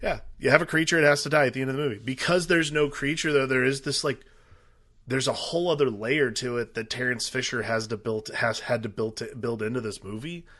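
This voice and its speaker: A man's voice: mid-range voice, fairly even intonation, a little fast, a bit bright. A man co-hosting a movie podcast, chatting casually with frequent laughter and swearing. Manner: laughing, profane, enthusiastic. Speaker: podcast co-host. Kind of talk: casual movie-review chat.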